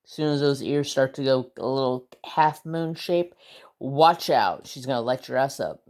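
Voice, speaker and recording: A man's voice: mid-range voice, normal speed, a little mellow. A man hosting a casual craft vlog, rambling about his day and cooing baby talk at his pets. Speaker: craft channel host.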